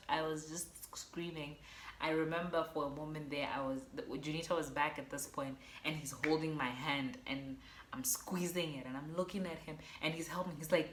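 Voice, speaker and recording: Young woman from botswana, low voice, chatty storytelling vlog, echoey room w faint hum. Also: moderate pace. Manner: animated, acts out quotes, addresses viewers as guys. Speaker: vlogger.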